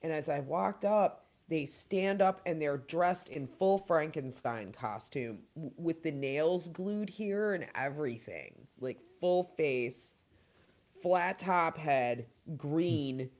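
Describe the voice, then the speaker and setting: Host, 40s, casual chat, unhurried, very lively pitch, laughs a lot. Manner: animated storyteller, laughing often. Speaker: talk show host.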